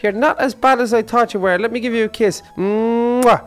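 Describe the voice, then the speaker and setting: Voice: medium pitch, fast talker. A player in a game role-play, speaking in a gushing, exclamatory way.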